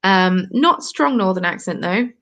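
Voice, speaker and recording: Knitting and replying to viewer comments, a twenties crafting host with a southern English accent chats casually on a live stream from her cold home. Her medium-pitched voice is expressive and a bit bright, with a measured pace.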